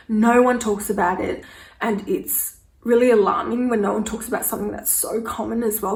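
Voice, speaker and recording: A woman's voice: a little high, echoey room, low-quality recording. Chatty young woman vlogging. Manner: chatty, frank, peppered with "like". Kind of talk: casual personal storytelling to camera.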